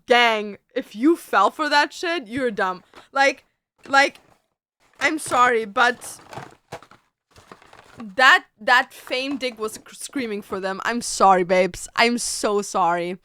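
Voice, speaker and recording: Blunt, bright-voiced woman streamer. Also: fairly high pitch, slow, slight background noise. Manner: blunt, profane, keeps calling listeners babes. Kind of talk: casual chat with stream viewers.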